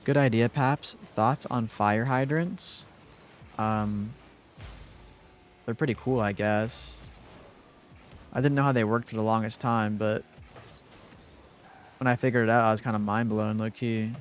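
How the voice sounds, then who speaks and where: A man's voice: on the low side, steady tone, measured pace, pauses often, slight background noise. A young man streaming live, chatting casually and rambling with lots of fillers while thanking viewers.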